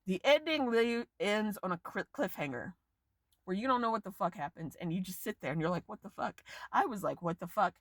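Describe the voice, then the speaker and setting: A woman vlogger ranting casually about a film, exasperated and profane, her voice leaping up and down in pitch. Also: big pitch swings, brisk, dry recording, clean studio sound. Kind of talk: casual rant to camera.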